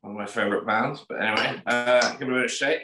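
A man's voice: medium pitch, fairly even intonation, fast, reverberant, background noise. A man co-hosting a casual show, offhand and swearing casually. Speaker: podcast co-host. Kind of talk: casual chat.

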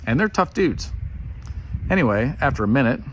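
A man retelling a Bible story in relaxed everyday speech, lively and animated. His pitch rises and falls a lot, with a faint hum of noise behind him. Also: moderate pace. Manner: animated and conversational. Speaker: preacher.

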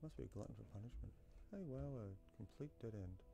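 Gaming vlogger, male, low fry-edged voice, meandering self-talk over gameplay, faint background music. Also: lively intonation, brisk, dark tone. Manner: rambling, self-talking, with many fillers and asides. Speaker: gaming YouTuber. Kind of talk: casual commentary while playing a game. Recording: faint game music behind.

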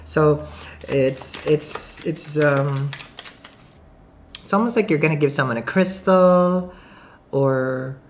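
A woman with a foreign accent talks straight to camera through a tarot reading. She is chatty and giggly and thinks out loud, restarting her sentences often. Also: low voice, takes it slowly, long pauses. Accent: non-native English accent. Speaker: tarot reader.

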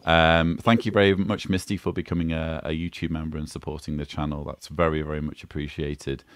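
Deep low guy hosting a live panel chat, reads out comments w dry little jokes, close dry sound. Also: level tone, brisk, no echo. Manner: reads viewer comments aloud with dry quips. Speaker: panel host.

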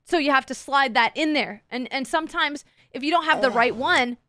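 A woman's voice: high voice, brisk, sharp tone, no echo. A woman streamer chatting casually with her live chat, playful and teasing, swearing freely. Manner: playful, crude, swears a lot, teases chat.

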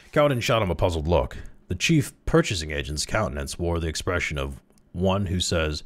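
A deep-voiced man reads a short story aloud. His pitch moves expressively. Now and then he breaks off with amused, chuckling asides. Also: lively intonation, normal speed. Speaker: reader.

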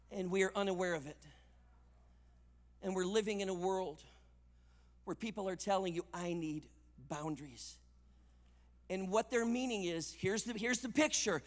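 High-voiced emphatic man preaching. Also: long reverb tail. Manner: emphatic, swings between loud punches and quiet asides. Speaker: conference speaker. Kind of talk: sermon. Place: conference hall.

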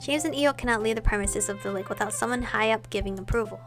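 A fast-talking woman with a high-ish voice reads narration and dialogue from a visual novel over music. She gives every character a voice and keeps adding her own remarks and laughs.

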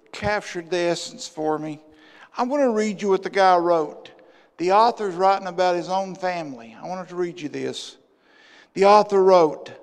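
A man, a pastor preaching a sermon with passion, swinging from loud bursts to hushed asides, in a church sanctuary. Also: high voice. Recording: long church hall reverb.

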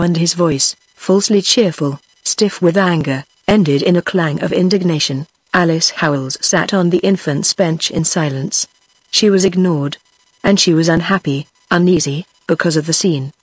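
Breathy synthetic British woman narrating. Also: fairly low pitch, moderate pace, dry recording. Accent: British English. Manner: even, flat synthetic delivery. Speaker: audiobook narrator. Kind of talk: text-to-speech book reading.

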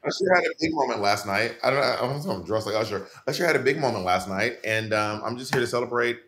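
Sassy bright-voiced man on a call. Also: mid-range voice, lively intonation, quick pace. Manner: playful, sassy, teasing. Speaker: podcast co-host. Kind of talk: casual recap chat. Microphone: remote video call mic.

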